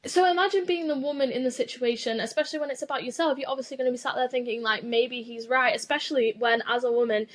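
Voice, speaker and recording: A young woman hosting a solo podcast, ranting in a casual, animated way, swearing freely and filling her talk with "like". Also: high-pitched, rapid-fire, hardly any pauses. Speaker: podcast host.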